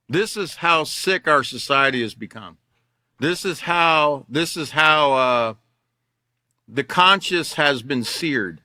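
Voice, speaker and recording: A man's voice: fairly high pitch, lively intonation, slow pace, pauses often, pushed and bright, no room sound, clean studio sound. Sarcastic older man teaching a class. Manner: mocking and sarcastic, reads articles aloud, repeats himself.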